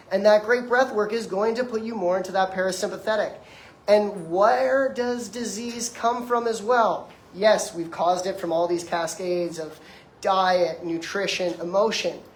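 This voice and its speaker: Speaking in an echoey room with slight background noise, a high-voiced detox practitioner in his twenties lectures his audience face to face. His motivational talk is emphatic yet conversational.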